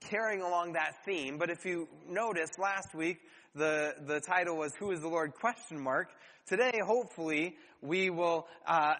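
A man preaching a sermon as pastor, earnest, with rhetorical questions and dramatic pauses. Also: sits high, a bit bright, long reverb tail.

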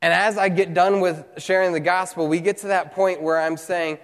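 A man preaching a sermon as pastor, telling a story with earnest, animated delivery and dramatic pauses. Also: high voice, big-room sound. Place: church hall, also streamed online.

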